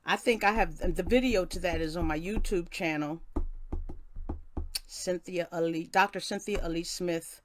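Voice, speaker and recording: A woman's voice: lowish voice, moderate pace, a little hiss or hum. An older woman hosting a casual live stream, reading a passage and then greeting viewers by name with many restarts. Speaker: livestream host.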